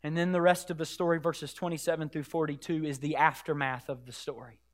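A pastor preaching a sermon to his church, swinging from hushed, whispered lows to shouted climaxes. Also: flat delivery, fairly quick. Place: church sanctuary.

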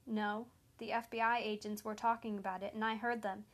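Woman voicing a frightened male traitor, desperate and defiant, mid-pitched. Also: flat delivery, fairly quick, close to an everyday voice. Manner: desperate, pleading.

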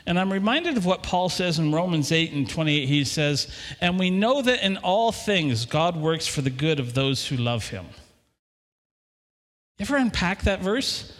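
Middle-aged man, pastor mid-sermon, lively swooping delivery in a reverberant church. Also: a little high, a little slow. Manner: animated, talks to the congregation with questions. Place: church hall. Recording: long hall reverb.

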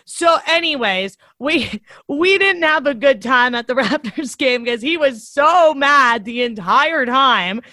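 Bright high-voiced woman chatting. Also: moderate pace, few pauses, dry recording. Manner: animated storytelling, laughs often, swears casually. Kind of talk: casual chat.

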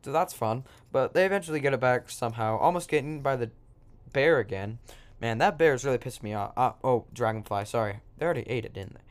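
A man's voice: medium pitch, fast. A man improvising a silly story in an offhand, joking way, breaking off into asides.

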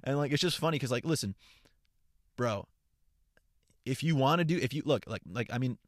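A young man talks into the mic from a parked car, riffing in a loose, unscripted podcast chat. He's hyped and swears freely, doubling back on his words as he goes. His pitch sits in a middling range, and the sound is close and dry with no room echo. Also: moderate pace. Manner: energetic, profane, rambling with frequent restarts. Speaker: podcast host and content creator. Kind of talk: casual solo podcast chat.

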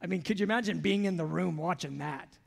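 A man preaching in a big church hall, his voice sitting high for a man. He talks to the congregation loosely and conversationally, dropping in casual asides. Long reverb trails off each phrase. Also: quick pace, vocal fry. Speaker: pastor. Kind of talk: sermon. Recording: long echo from a large hall.

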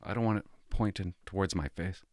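A former police officer narrates a casual vlog straight to camera, his deep, darkish voice moving fairly quickly in a dry space with no room sound. He's nervous as he pries open a device, laughing and talking to himself while he tinkers.

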